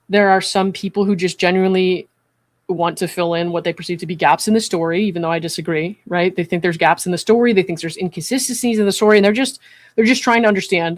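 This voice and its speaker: Steady in tone and mid-pitched, a psychiatric evaluator hosting a commentary stream speaks earnestly and with measure, often stopping to check in with listeners. They move evenly between a transcript and their own opinions, recorded dry and close without echo.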